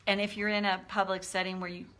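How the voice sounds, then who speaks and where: A woman talking casually to her viewers as a coach, animated, acting out inner voices as she explains. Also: mid-range voice, fast talker. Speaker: life coach. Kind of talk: casual teaching talk to viewers.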